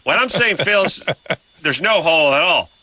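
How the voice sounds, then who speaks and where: A man's voice: expressive, moderate pace, bright, forceful tone, dry recording, full character voice. A man voicing an exasperated male inventor who impatiently insists on his design. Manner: shrill, impatient, mock-arguing.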